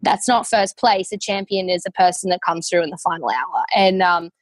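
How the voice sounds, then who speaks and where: A woman's voice: on the low side, steady tone, moderate pace, no echo. A young adult woman with an Australian accent, a podcast guest telling her story in a heartfelt, rambling way full of fillers. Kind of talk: casual interview.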